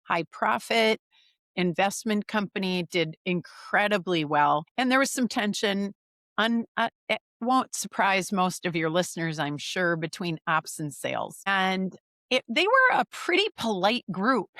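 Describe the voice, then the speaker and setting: Animated woman coach from the Midwest. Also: medium pitch, measured pace, no echo, studio quality. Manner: animated, acts out quoted dialogue. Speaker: leadership coach. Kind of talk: conversational storytelling.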